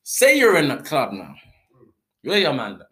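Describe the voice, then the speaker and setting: Excitable young man. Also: on the high side, measured pace. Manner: excitable, laughs and interrupts. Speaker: podcast host. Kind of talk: casual group chat.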